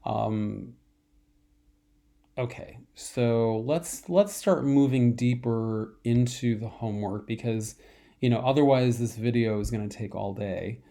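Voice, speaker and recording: A man teaching a college math lecture in a slow, repetitive way, often clearing his throat and coughing from a dry throat. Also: mid-range voice, dark tone. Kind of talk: recorded online lecture.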